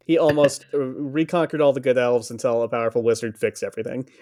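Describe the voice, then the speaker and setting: A man's voice: mid-range voice, flat delivery, fast, darkish tone. A man co-hosting a podcast, riffing on fantasy lore in casual chat with plenty of swearing and jokes. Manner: profane, joking lore rambling. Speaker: podcast co-host.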